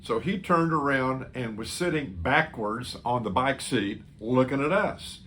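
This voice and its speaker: A man's voice: medium pitch, measured pace, a bit bright, a little hiss or hum. A man speaking as a pastor, earnestly telling a story in a sermon and quoting what he said to someone. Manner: earnest, quoting his own words to others.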